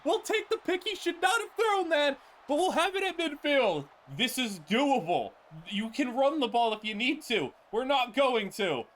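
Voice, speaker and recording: Excitable gamer calling football plays. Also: high-pitched, normal speed, hardly any pauses. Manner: excitable, exasperated, often laughing in disbelief. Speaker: gaming channel host. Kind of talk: live play-by-play commentary on a football video game.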